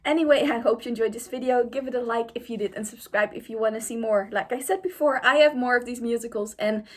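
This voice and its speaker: A young woman reads a strange AI-written story to her viewers in a casual, amused way. Her voice sits a little high. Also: fast. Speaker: YouTuber. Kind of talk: reading an AI-written story aloud.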